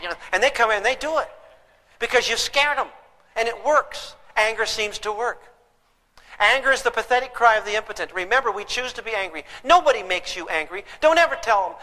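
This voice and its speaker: Bright-voiced man lecturing in a hall. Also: extremely high pitch, fairly quick. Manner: humorous, questions the audience directly. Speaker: parenting seminar speaker. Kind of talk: live seminar lecture. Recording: long hall reverb.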